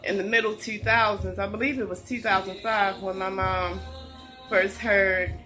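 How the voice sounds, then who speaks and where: A middle-aged woman telling a heartfelt personal story in an earnest, deliberate way. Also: medium pitch, steady tone, soft background music, rough recording. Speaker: vlogger. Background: a song playing softly.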